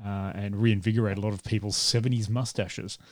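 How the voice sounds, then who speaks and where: A man's voice: on the low side, fairly even intonation, brisk, a little mellow, no room sound, studio quality. A man hosting a casual film review podcast, joking around and laughing often between rambling asides. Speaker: podcast host.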